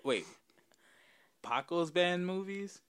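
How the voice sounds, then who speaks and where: A man talking slowly with a lively, swinging pitch on a casual podcast. He drops laid-back, laughing asides, recorded close and dry. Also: clear, resonant tone, no echo. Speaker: podcast co-host. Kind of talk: casual chat.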